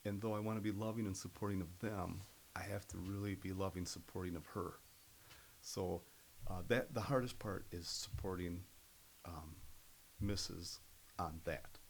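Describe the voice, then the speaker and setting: A middle-aged man, a podcast guest, telling stories in an earnest, animated way. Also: sits low, moderate pace, creaky, a little hiss or hum, low-quality recording. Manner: earnest, animated storyteller who acts out other people's voices. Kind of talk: casual storytelling interview.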